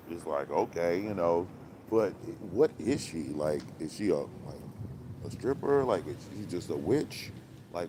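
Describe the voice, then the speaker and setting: Recorded outside against a noisy background, a man hosting a commentary channel talks casually in a rambling, preachy, conspiratorial manner full of fillers and laughter. His voice sits low.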